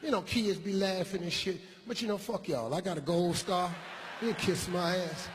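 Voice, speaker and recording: A man doing stand-up comedy, telling a childhood story in a profane, animated way and acting out the people in it. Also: high voice, moderate pace, long reverb tail. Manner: profane, animated, acts out characters.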